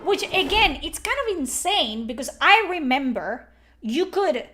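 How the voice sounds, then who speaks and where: Streaming a video game, this Spanish-speaking woman delivers lively, opinionated remarks at a measured pace. Her voice is high, and her accent is that of her native Canary Islands.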